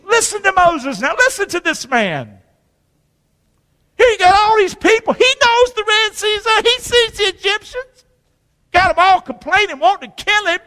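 A male pastor preaching a sermon, lively and conversational, with call-and-response and joking asides. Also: very high voice. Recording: long hall reverb.

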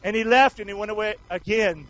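A man preaching a sermon, calling on the congregation to answer back and swinging between shouts and hushed words. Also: sits high, fairly quick. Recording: dull lo-fi recording.

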